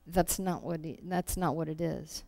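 A woman teaching a Bible lesson, reading verses aloud and acting out the quoted lines with animated emphasis. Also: sits low, normal speed, creaky. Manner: animated, acts out scripture quotes.

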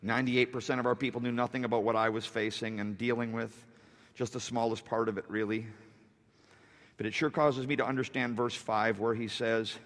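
A man, a pastor, preaching a sermon, swinging between loud fervent surges and soft, confessional stretches. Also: medium pitch, fairly even intonation, brisk. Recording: reverberant hall.

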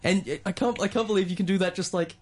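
A man hosting a morning radio show, enthusiastic and effusive as he talks with his guests. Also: high-pitched. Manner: enthusiastic, effusive praise, quick. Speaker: radio host. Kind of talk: casual radio interview chat. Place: radio studio.

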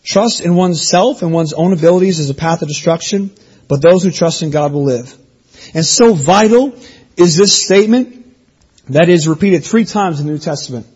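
A man's voice: a little high, moderate pace, darkish tone, slightly rough, muffled recording. A man preaching an expository sermon, reading scripture aloud and explaining it in an earnest teaching manner. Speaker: pastor.

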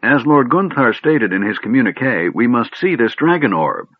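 A man's voice: medium pitch, sing-song, normal speed, dry recording, voice pushed up. A man voicing an absent-minded old male wizard who talks in a distracted, muttering way, recorded on a narrow phone-like line. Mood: vague.

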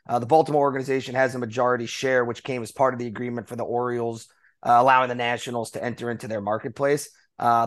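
A man co-hosting a baseball podcast, running through news items in a casual, conversational way with frequent fillers. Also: mid-range voice. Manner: conversational, reads notes with fillers. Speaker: podcast co-host. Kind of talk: casual sports chat.

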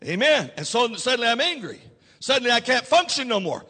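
A man preaches a sermon in a strikingly high, bright voice. He repeats his key lines, calls on the congregation to answer, and climbs to shouts. The sound rings with the long reverb of a large hall. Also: sing-song, brisk. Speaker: pastor.

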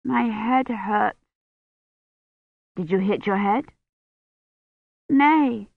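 A woman voicing a dazed young girl who gives quiet, bewildered replies in a storybook reading. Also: a little high, slow pace, no echo, phone-quality sound, pitched above the performer's own voice.

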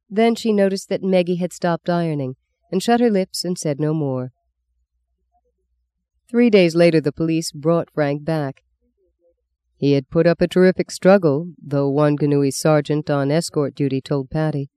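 A smooth, mellow voice narrating a novel with expressive pacing. The recording is close and dry, with no room sound. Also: medium pitch, normal speed, dry recording. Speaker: audiobook narrator. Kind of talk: scripted literary narration.

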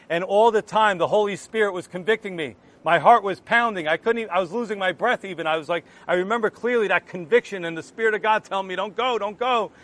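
A man with a noticeably high voice shares his personal testimony. He tells it with earnest, animated energy, slipping into the voices of the people in his story as he goes. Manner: earnest, animated retelling that acts out remembered exchanges. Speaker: Christian giving a testimony.

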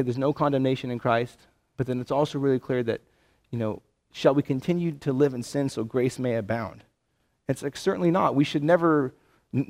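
A man's voice: mid-range voice, darkish tone. A man preaching a sermon in a loose, conversational way, full of "man" and "you know". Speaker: pastor.

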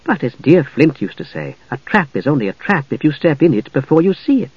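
A man reading an audiobook, voicing a loving elf wife who speaks softly and affectionately. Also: on the high side, big pitch swings, a little fast, husky, no echo, lo-fi sound, exaggerated voice. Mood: amused. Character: loving, teasing elf wife, calm and gentle.

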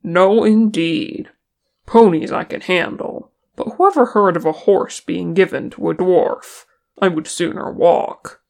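A reader voicing a gruff, grumbling male dwarf warrior, loud and blustering in his complaints. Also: mid-range voice, fairly even intonation, normal speed.

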